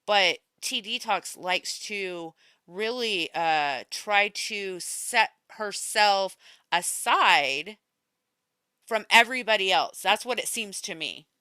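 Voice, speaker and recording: A woman hosting an online commentary show, speaking straight to her viewers with open exasperation. Her voice is bright and crisp, recorded close and dry with no room sound. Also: mid-range voice, animated, slow pace, dry recording. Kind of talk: casual drama commentary.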